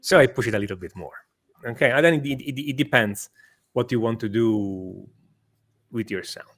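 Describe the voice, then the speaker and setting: A man's voice: mid-range voice, normal speed, fairly bright tone. A man who is a guest guitar teacher, explaining guitar sound with frequent laughs and lots of "okay"s, talking from a small home studio. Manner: explanatory, laughs often, with many okays. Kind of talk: casual chat.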